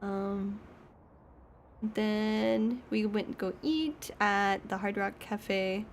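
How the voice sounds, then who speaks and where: A woman's voice: mid-range voice, drawn-out words, slight background noise. A young woman streaming, chatting casually and rambling with frequent laughs. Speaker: VTuber streamer.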